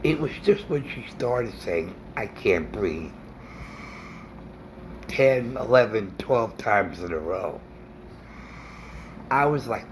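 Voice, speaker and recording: Man vlogger, indignant rant, slow and halting, pitch swinging up and down. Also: lively intonation, slight background noise. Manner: indignant, halting with fillers and restarts. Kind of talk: opinion rant to camera.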